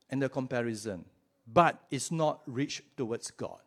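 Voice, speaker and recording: A man's voice: mid-range voice, a little slow. A male pastor preaching a sermon in a church in a conversational way, often checking in with his listeners and drawing out key words for emphasis.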